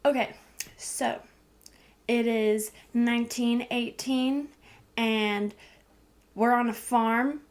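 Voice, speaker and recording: A woman's voice: a little high, steady tone, slow, long pauses. A young woman giving a casual, chatty film review on camera, giggling often and filling her talk with "like". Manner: giggly, lots of "like" fillers. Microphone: camcorder.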